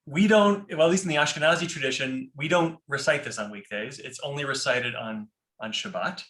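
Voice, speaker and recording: Bright-voiced man teaching a class. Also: medium pitch, brisk, reverberant. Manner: explanatory, often checks in with "right?". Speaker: teacher leading a prayer-book class. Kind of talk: informal class lecture.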